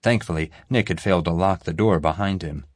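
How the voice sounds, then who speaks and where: A man giving steady, measured audiobook narration, recorded dry and close. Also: low voice, no room sound.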